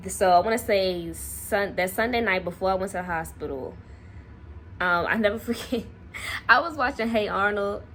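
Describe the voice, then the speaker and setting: Lively young woman telling a story. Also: medium pitch, moderate pace, slight background noise. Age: young adult. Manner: animated, acts out quotes, laughs often. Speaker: vlogger. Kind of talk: casual storytelling to camera.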